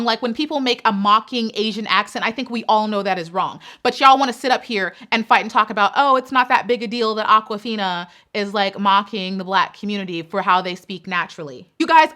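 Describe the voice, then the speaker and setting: A woman's voice: high voice, sharp tone. A woman hosting a commentary channel, delivering an impassioned, indignant rant with building emphasis.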